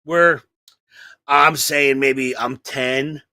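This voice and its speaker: A man hosting a comedy podcast, telling a long story in an animated, profane way and acting out the people in it. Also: medium pitch, very slow, dry recording. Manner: animated, profane, acts out voices.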